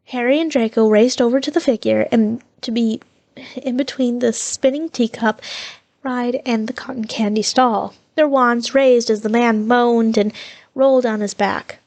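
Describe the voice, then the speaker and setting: A woman reading fan fiction aloud in a steady way, with small slips that she corrects. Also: a little high, a little slow, dry recording.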